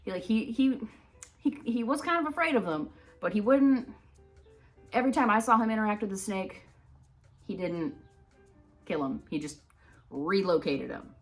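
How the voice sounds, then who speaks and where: A woman's voice: mid-range voice, lively intonation, moderate pace, pauses often, soft background music. A woman from Minnesota hosting a reptile channel, telling a rambling story in a casual educational vlog and laughing often as she wanders off topic. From Minnesota, United States. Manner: laughs often while talking.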